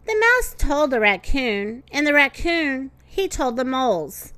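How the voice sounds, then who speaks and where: Bright, high-pitched storytime woman. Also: unhurried, no echo. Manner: lively, expressive read-aloud with sing-song voices for animals. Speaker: children's story podcast host. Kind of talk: reading a children's storybook aloud.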